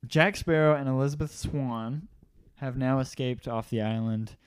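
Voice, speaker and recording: A man talking through a film recap in a loose, rambling way, often pausing to check his notes and breaking into laughter. His voice sits at an ordinary middle pitch, and the whole thing sounds like an easygoing chat among friends. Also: clear, resonant tone. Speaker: podcast co-host. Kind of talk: casual movie discussion.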